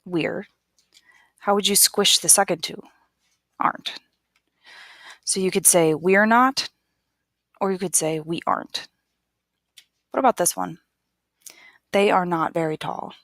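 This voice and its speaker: Slow, gravelly-voiced woman teacher. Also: lowish voice, a bit bright, dry recording, studio quality. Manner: patient, repeats each word slowly for learners. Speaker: English teacher. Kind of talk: slow, careful classroom explanation.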